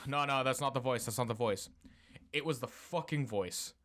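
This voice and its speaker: A man co-hosting a casual podcast, talking in animated bursts, swearing often and laughing. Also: mid-range voice, moderate pace. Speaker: podcast co-host.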